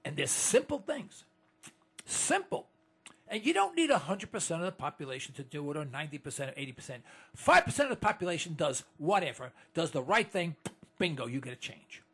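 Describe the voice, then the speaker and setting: Gravelly indignant man ranting, animated pitch. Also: fast. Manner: indignant, rambling, with many restarts. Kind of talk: monologue to listeners.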